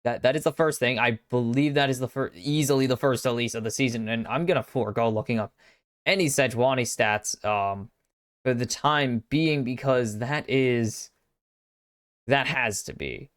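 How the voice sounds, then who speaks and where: An American man with a medium-pitched voice casts an esports draft solo on a live stream at a moderate pace. He's chatty and self-deprecating, muttering asides to himself, and the studio sound is clean with no echo.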